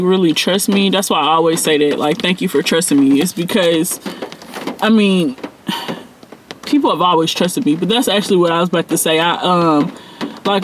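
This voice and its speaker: A man's voice: high voice, fairly bright tone, a little hiss or hum. A man who works as a spiritual mentor, talking casually and directly to his viewers in a loose, rambling, heartfelt way, with lots of slang and fillers. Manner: slangy, everyday speech. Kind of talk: casual direct-to-camera vlog talk.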